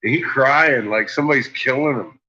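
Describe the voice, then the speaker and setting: A man's voice: medium pitch, a little fast, bright, forceful tone. A man at home chatting casually and swearing a lot, laughing often and talking to his barking dogs. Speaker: vlogger. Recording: dull lo-fi home recording, faint noise.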